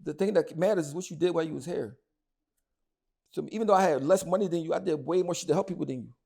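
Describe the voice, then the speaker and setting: A man's voice: a little high, quick pace, vocal fry, mellow, breathy edge. A man, talking bluntly and heatedly as an interview guest, often repeating words as he goes. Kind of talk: casual interview talk.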